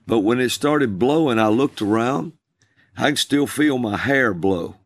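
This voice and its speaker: A man telling a story at an unhurried, drawn-out pace. His voice is dry and close, with no room around it, and sits at a middle pitch. He sounds like a minister sharing a testimony in a talk show. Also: expressive, no echo. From USA. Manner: slow, drawn-out storytelling with calls acted out in a high voice. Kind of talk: storytelling in a conversation.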